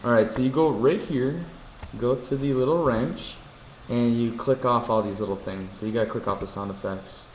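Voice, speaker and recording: A man's voice: mid-range voice, moderate pace. A man hosting a live stream, chatting casually with viewers, joking and reading chat messages aloud. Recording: echoey room with faint ambient noise.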